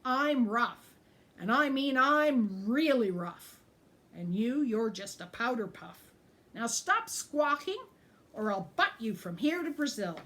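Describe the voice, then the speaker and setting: A woman voicing a loud, sneering male bully goat in a picture-book reading, with slow, growled taunts. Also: fairly high pitch, expressive, voice pushed up. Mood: snarling.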